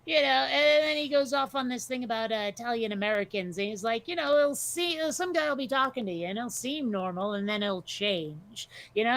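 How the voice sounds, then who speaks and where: Blunt, high-voiced woman chatting. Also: fairly quick, few pauses. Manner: blunt, swears freely, animated storytelling. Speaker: podcast co-host. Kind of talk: casual chat.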